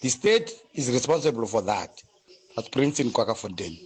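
A man's voice: mid-range voice, animated, moderate pace. A man calling in to radio, earnestly explaining a point. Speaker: radio caller.

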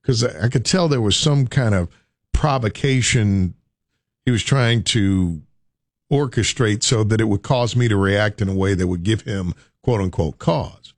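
A man telling a personal story in a folksy, humorous way, with vivid phrasing and dramatic pauses. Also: lowish voice, dry recording, studio quality. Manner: humorous asides. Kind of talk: storytelling talk.

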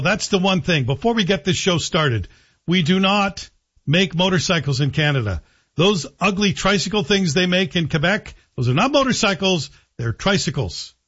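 A man's voice: high voice, a bit bright, husky, highs cut off. A man hosting a talk radio show, giving sardonic, opinionated commentary. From Scotland.

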